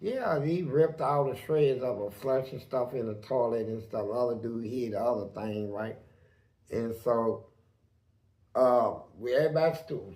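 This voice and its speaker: A man's voice: medium pitch, dark tone, echoey room. A man telling a prison story in a blunt, profane way, full of sound words. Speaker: storyteller guest.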